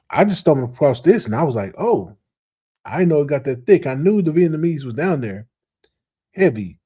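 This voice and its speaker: A man hosting a reaction commentary show, talking in a slangy, animated way straight to his audience. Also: medium pitch, husky. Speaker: host.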